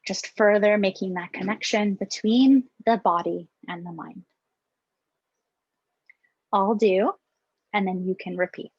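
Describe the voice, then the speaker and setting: A woman on a video call, gently guiding a breathing and mindfulness exercise. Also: medium pitch, measured pace, pauses often, slightly rough, no echo. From Hawaii. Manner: calm, gentle instructing. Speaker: yoga and mindfulness presenter. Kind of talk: guided mindfulness workshop. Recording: dull, dry video call audio.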